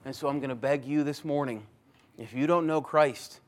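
A man preaching a sermon as pastor, earnest, swinging between loud pleading and hushed emphasis. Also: medium pitch, normal speed.

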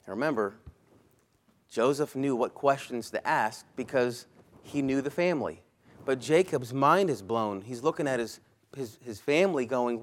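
Guy preaching a sermon, medium pitch, chatty and emphatic, keeps restarting his sentences. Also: expressive, moderate pace. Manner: conversational, emphatic, rephrases mid-sentence. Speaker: pastor. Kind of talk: expository sermon.

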